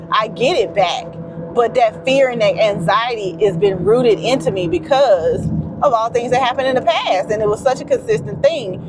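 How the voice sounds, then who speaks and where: A woman vlogging casually from a car, talking to her viewers. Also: mid-range voice. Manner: chatty, animated, talks to viewers as y'all. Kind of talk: casual chat to camera. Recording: road noise in a car. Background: vehicle noise.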